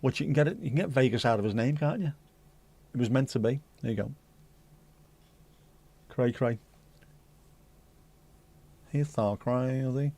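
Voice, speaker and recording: Hosting a livestream, this man jokes around at a quick pace in an expressive, medium-pitched voice that's husky, a little mellow, and marked by vocal fry. The talk feels like casual pub chat: chatty banter, mild swearing, and news excerpts read out conversationally.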